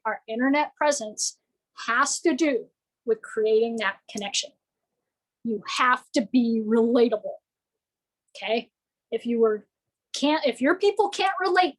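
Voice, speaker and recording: A woman with a high voice gives business owners a lively, playful presentation, often acting out what customers might say. The audio quality is poor.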